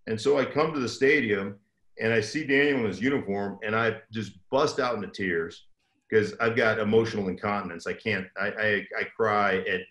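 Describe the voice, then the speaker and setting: A man's voice: fairly low pitch, moderate pace, a bit bright. An older man, a former pro football player, telling a rambling, self-deprecating story as a guest. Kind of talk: casual storytelling. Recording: roomy echo.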